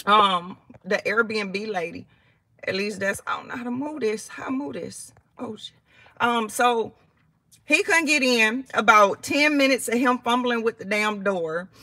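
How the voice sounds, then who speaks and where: A woman tells a storytime on her channel in a casual, animated way, swearing freely and acting out what people said. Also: on the high side, measured pace, dry recording. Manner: animated, heated, swears freely, acts out quotes. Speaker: vlogger telling a story.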